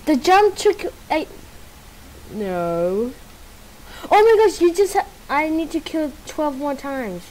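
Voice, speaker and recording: A woman giving casual gameplay commentary while playing with a friend, bursting into loud exclamations between muttered asides. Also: sits high, very animated, takes it slowly, a little hiss or hum, rough recording.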